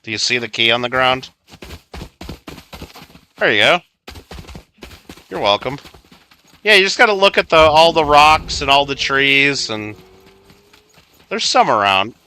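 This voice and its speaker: A man's voice: mid-range voice, expressive, a little slow, pauses often, bright, forceful tone, clear, resonant tone. A man from Illinois chatting casually while streaming a video game, playfully scolding his teammates. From Illinois, USA. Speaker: livestreamer. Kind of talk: casual gameplay chat.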